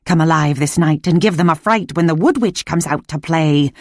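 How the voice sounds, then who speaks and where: A woman's voice: deep voice, normal speed, a little mellow, no room sound, studio quality, natural voice. A woman voicing a menacing, witch-like villainess who chants curses in a sing-song way, in an audiobook.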